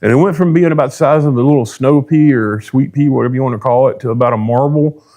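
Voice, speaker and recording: Man, racer guest, folksy rambling storyteller, average pitch. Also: fast talker, dark tone. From Texas. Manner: rambling, folksy, peppered with "dude" and quoted dialogue. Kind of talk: casual storytelling.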